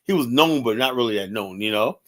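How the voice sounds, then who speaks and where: Man from Virginia, quick animated storyteller, swears freely, loose podcast chat. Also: mid-range voice. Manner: fast, animated storytelling with heavy profanity and "you know". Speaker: podcast guest, former club security.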